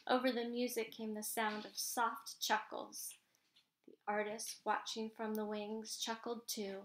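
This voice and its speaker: Woman, children's story read-aloud, gentle and expressive, fairly high voice, roomy echo. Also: measured pace, a little hiss or hum.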